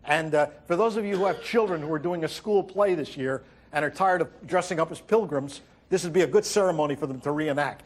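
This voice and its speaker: A man delivering a wry stand-up monologue as host, telling stories and acting out quotes with halting fillers. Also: a little high. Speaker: comedian host. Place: TV studio with audience.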